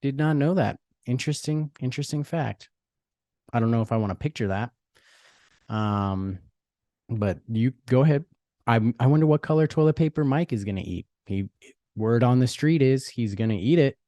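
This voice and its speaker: A man's voice: mid-range voice, normal speed, mellow, no room sound, clean studio sound. A man in his thirties hosting a solo sports podcast, talking casually and with enthusiasm, with plenty of fillers and restarts. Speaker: podcast host.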